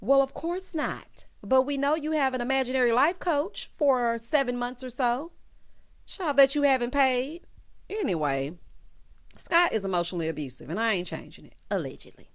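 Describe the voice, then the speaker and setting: Lively, high-voiced sassy woman vlogger. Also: moderate pace. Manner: sassy, chatty, with quips like "child" and "honey". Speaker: reality TV recap host. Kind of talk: casual opinionated show recap.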